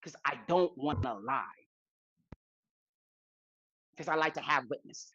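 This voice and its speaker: A woman co-hosting a podcast, telling a story in a loose, animated way, repeating lines for emphasis and swearing freely. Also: low-pitched, a little slow, long pauses, muffled recording. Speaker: podcast co-host. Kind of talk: casual storytelling chat.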